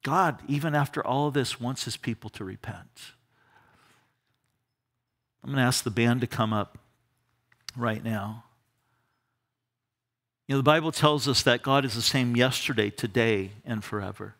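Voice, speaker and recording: Man, pastor, church sermon, bright forceful tone, animated delivery. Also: mid-range voice, unhurried, long pauses. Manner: animated, repeats words when starting sentences. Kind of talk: verse-by-verse Bible study sermon. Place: church during a live service.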